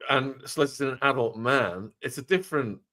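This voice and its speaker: A man's voice: mid-range voice, brisk, bright, forceful tone. A man with a British accent hosting an interview, pushing back bluntly with questions. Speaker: host. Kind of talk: interview discussion.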